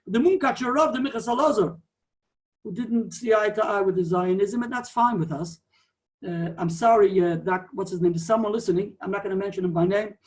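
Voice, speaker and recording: A man, a rabbi, giving a digressive, animated Talmudic lecture peppered with Hebrew and Yiddish terms. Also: high-pitched. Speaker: rabbi teaching a Torah class.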